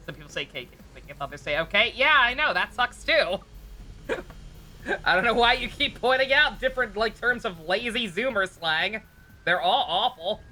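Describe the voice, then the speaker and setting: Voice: mid-range voice, expressive, moderate pace, pushed and bright, faint music behind. A streamer chatting casually while playing a game live, reading lines aloud, laughing often and grumbling wryly.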